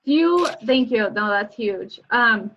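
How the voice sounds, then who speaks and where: A woman in a casual chat on a video call, encouraging and quick to agree. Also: on the high side, lively intonation. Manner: encouraging, frequent agreeing backchannels. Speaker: sign language student. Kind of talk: casual peer feedback chat. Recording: dull lo-fi video call audio.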